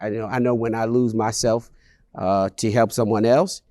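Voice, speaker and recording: Mellow, affirming man hosting an interview. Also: lowish voice, fairly even intonation, moderate pace, no room sound, studio quality. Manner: affirming and encouraging, with frequent backchannel agreement. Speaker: host. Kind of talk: conversational interview.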